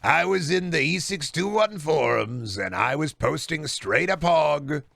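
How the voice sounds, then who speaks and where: A man's voice: a little high, expressive, a little slow, creaky, a bit bright, no room sound, exaggerated voice. A man doing an impression of a boastful, pompous middle-aged male politician who repeats himself and praises himself. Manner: bragging, repetitive, self-praising.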